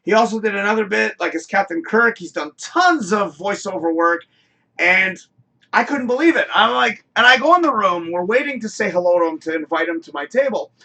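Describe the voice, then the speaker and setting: Male host, high bright voice, loose rambling anecdote with cursing. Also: fairly quick. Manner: rambling, animated, swears freely. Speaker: show host. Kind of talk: casual storytelling on a live show.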